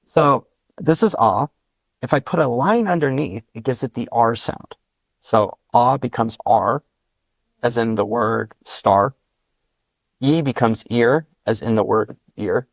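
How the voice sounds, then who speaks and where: Male linguist guest, gravelly voice, dry close sound, walks through sounds one by one with examples. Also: mid-range voice, measured pace, no echo. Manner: methodical, spells out sounds with examples. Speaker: linguist guest explaining his constructed language. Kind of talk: patient step-by-step explanation.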